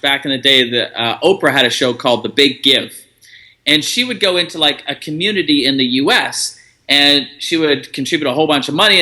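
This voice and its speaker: Bright, upbeat man telling a story. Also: medium pitch. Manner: relaxed, chatty, acts out quoted dialogue. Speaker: guest. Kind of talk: casual interview storytelling.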